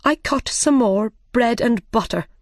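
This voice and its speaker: A woman voicing a frightened male hatter on trial, who speaks in a high, anxious, pleading way. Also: animated, measured pace, no echo, studio quality. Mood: nervous.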